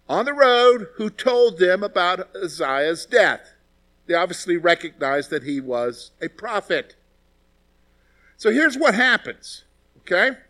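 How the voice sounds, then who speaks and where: A man with a high, bright voice teaches through a scripture story in a relaxed, conversational way. He jumps into quoted lines, giving the characters their own lively voices before returning to his explanation. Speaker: Bible teacher. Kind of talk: expository Bible teaching.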